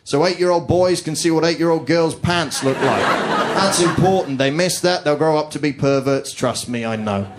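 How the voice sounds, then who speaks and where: A man with a posh English accent rants through a stand-up routine, sarcastic and mock-indignant. His voice sits fairly high. The live club recording carries clear audience laughter and noise behind him. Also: normal speed. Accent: posh southern English. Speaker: stand-up comedian. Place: comedy club stage before a laughing audience.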